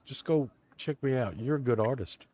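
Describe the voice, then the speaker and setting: A man talks casually on a comics stream in a relaxed, mid-pitched voice. He sounds laid-back as he plugs his drawing contest. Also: normal speed.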